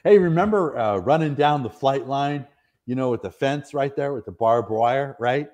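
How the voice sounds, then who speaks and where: A middle-aged retired soldier from the United States, guesting on a podcast, speaks in a mid-range, slightly mellow voice at normal speed. He tells stories in a casual interview, earnest and rambling, laughing often.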